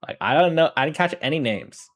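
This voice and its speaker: A man's voice: a little high, animated, brisk. A man chatting casually on a livestream, rambling through a story, correcting himself often and laughing. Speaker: streamer.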